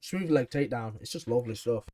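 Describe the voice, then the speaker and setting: A man's voice: mid-range voice, quick pace, mellow. A man recapping a wrestling episode in a chatty, enthusiastic way, with frequent ums. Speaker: wrestling show reviewer.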